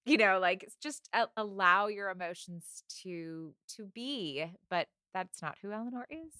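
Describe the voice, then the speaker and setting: A woman's voice: mid-range voice, a little slow, few pauses, sharp tone, smooth, no room sound, clean studio sound. A woman guest on a podcast in casual chat, chatty with frequent fillers. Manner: chatty, laughs often, many fillers.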